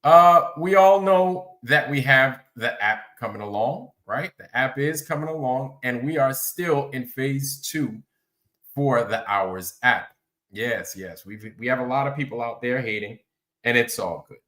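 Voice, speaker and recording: Bright-voiced man hosting a livestream. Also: mid-range voice, a little slow. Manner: rambling, repeats himself, greets viewers. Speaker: livestream host. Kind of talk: casual livestream chat.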